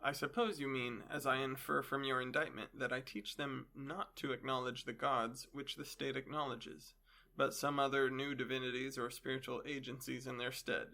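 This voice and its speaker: A man's voice: mid-range voice, flat delivery, moderate pace, creaky, bright, forceful tone. A man voicing an elderly male philosopher on trial, questioning his accuser with dry irony. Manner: questioning, dryly ironic.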